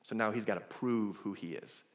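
A male pastor delivering a sermon, telling the story in a lively, casual way with asides. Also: fairly low pitch, moderate pace. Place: church sanctuary. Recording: echoey church hall.

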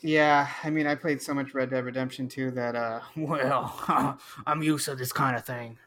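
A man co-hosting a podcast in casual, relaxed chat. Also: medium pitch, normal speed. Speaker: podcast co-host.

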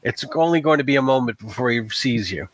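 Relaxed man narrating as game master. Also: medium pitch, fast, no room sound. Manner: casual, rambling narration full of "like" and "um".

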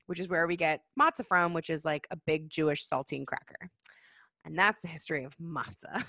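A young woman with a lowish voice chats casually at a normal pace, recorded in studio quality with no echo. She's a guest explaining Jewish holidays, telling animated stories full of "like," laughing often and acting out voices.

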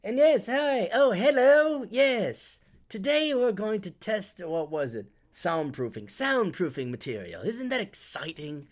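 A man's voice: sits high, big pitch swings, a little slow, few pauses, voice pushed up. A man putting on the voice of a smug, handsome young British presenter, with a put-on British accent and a prissy, self-satisfied manner.

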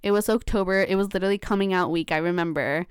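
Chatty young woman, very clear voice. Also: mid-range voice, quick pace, no room sound, clean studio sound. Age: young adult. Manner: chatty, many fillers, acts out quoted dialogue. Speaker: college student. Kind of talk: casual chat.

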